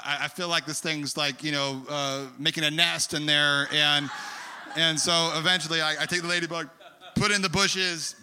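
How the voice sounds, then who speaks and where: Preacher man, bright forceful voice, rambling story sermon, echoing hall. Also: a little high, clear, resonant tone. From California. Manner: animated, rambling storyteller with many fillers. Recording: long hall reverb.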